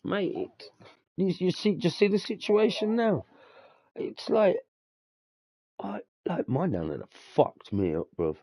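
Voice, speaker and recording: A man's voice: high voice, huge pitch swings, takes it slowly, long pauses, warm tone, no room sound. A young man, telling stories in casual chat, swearing freely and dropping slang like mate and bruv. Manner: swearing, storytelling, laughs often, uses slang like bruv and mate. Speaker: podcast host.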